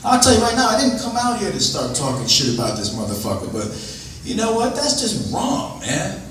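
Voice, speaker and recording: A man's voice: high-pitched, sing-song, brisk, fairly bright tone. A middle-aged man telling profane, rambling street stories to a live audience in a bar. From New York City. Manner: rambling, streetwise, heavy swearing. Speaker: spoken word performer. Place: bar venue. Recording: echoey bar from far off, noisy.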